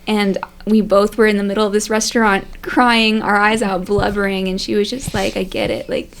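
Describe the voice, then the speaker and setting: A woman's voice: medium pitch, level tone, moderate pace, vocal fry. A young woman on a faith podcast panel, telling a heartfelt personal story in a chatty way, full of fillers and "like"s. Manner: chatty, many fillers and likes, emotional.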